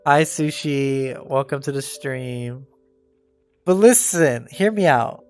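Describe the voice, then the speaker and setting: A young man hosting a casual live stream, talking in loose, slangy, animated bursts. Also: mid-range voice, slow pace, smooth, faint music behind.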